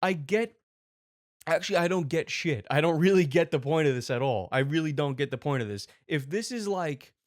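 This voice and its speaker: A man's voice: a little high, lively intonation, moderate pace, dry recording, clean studio sound. A man hosting a ranting commentary show, talking in an exasperated, profane and sarcastic way. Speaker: host.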